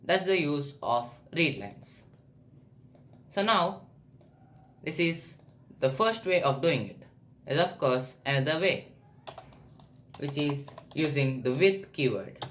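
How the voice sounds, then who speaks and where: A man's voice: on the high side, expressive, slow pace, pauses often, a bit bright. A man teaching a screen-recorded coding tutorial, explaining step by step and thinking aloud as he types. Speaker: programming tutor. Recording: faint background noise.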